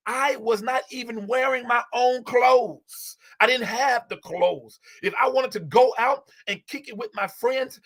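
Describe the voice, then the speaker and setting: A man's voice: extremely high pitch, measured pace, hardly any pauses, fairly bright tone. A man hosting a live stream, giving a heartfelt inspirational talk with a preacher-like repetitive cadence and open emotion, speaking into a phone. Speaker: livestream host.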